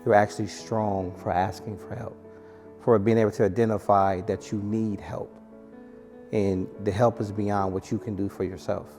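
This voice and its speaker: A man with a low, even, mellow voice speaks gently and reassuringly in an open round-table talk. Soft guitar music plays beneath a long hall reverb. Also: moderate pace. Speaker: discussion participant. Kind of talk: candid round-table conversation.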